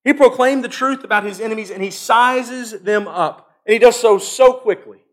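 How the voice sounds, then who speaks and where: A man preaching a sermon, earnest and emphatic, swinging from loud peaks to quiet stretches and often repeating and restarting his phrases. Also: very high-pitched, moderate pace.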